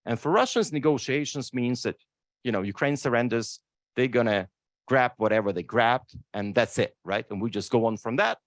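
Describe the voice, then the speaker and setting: A man's voice: medium pitch, moderate pace, dry recording, studio quality. A man speaking on a law school panel, emphatic and emotional, often asking "right?" to the audience. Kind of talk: impassioned panel talk. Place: lecture room.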